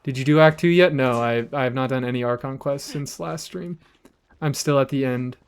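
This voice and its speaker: A man streaming a game live, chatting casually with his audience in an animated, rambling way and swearing freely. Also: mid-range voice, normal speed, clear, resonant tone.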